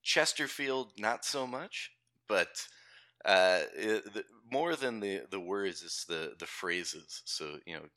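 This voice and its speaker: Deep, bright-toned Canadian man. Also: lively intonation, slow, no echo. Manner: laughing, rambling with restarts. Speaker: podcast guest. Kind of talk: casual chat.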